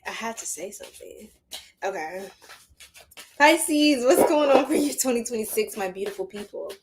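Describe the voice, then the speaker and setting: Female tarot reader talking to her audience, loose and playful, slightly high-pitched. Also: animated, moderate pace, a little hiss or hum. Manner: chatty and slangy, laughing often. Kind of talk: casual tarot reading to viewers.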